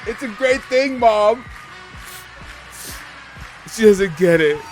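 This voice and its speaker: A man's voice: high voice, animated, takes it slowly, soft background music. A man streaming live, emotional and teary from crying, rambling as he reads out follower names. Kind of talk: live watch-along reaction stream.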